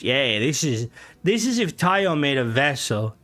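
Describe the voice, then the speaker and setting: A young man with an Irish accent streaming a game, chatting casually and reading comments aloud, joking and swearing, his voice jumping high when he gets worked up. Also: lively intonation, normal speed, fairly bright tone.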